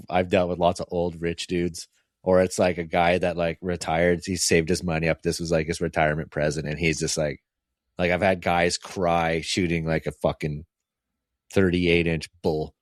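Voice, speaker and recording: A man's voice: deep voice, level tone, moderate pace, no room sound, clean studio sound. A man hosting a hunting podcast, telling guiding stories in casual chat, swearing often and acting out his clients. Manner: profane, laughing, acts out client voices. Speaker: podcast host, hunting guide.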